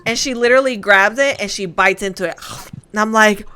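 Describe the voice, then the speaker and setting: An animated storyteller, a woman in her thirties who grew up between the United States and Spain. She speaks at a middling pitch in casual podcast chat, with a faint hiss behind her. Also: fairly quick. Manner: animated storyteller, slips into Spanish. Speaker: podcast co-host.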